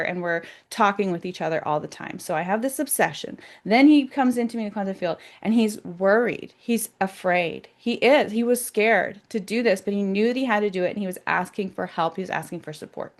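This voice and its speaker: An American woman talking casually to her viewers, excited and emphatic, often repeating words for stress. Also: medium pitch, fairly quick, few pauses. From United States. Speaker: self-described psychic vlogger. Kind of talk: casual monologue to camera.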